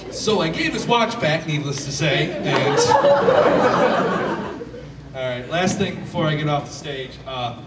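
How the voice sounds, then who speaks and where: A man's voice: fairly high pitch, expressive, unhurried, pauses often, over a noisy crowd. A young man from Michigan's Upper Peninsula doing a self-deprecating stand-up set, acting out quoted voices and yelping at his own punchlines. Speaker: stand-up comedian. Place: comedy club stage. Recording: echoey club from a distant mic with loud audience noise.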